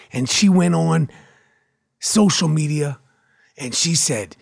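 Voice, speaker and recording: A man's voice: sits high, lively intonation, slow pace, vocal fry, long pauses. A middle-aged man with a New York accent, hosting a podcast and delivering a brash, profane, mocking solo rant. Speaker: podcast host.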